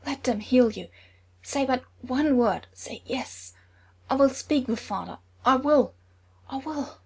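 A woman voicing a hot-tempered warrior prince who shouts and pleads loudly. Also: high-pitched, lively intonation, slow pace, breathy edge, voice pushed up, exaggerated voice. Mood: pleading.

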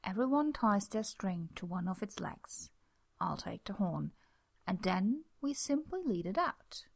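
A man's voice: high voice, very animated, a little slow, vocal fry, exaggerated voice. A woman reading the lines of a confident, cheerful man giving his team odd orders. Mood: breezy. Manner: confident, breezy, theatrical. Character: cheerful commanding man in a greatcoat.

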